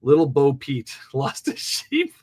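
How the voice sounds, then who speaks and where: A man's voice: mid-range voice, huge pitch swings, slow, darkish tone. A man hosting a live call-in debate podcast, blunt, mocking and profane, laughing often. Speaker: host.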